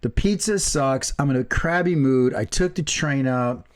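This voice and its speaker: A man's voice: mid-range voice, moderate pace. A man co-hosting a casual chat, teasing his partner and laughing often while he tells stories. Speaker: podcast co-host.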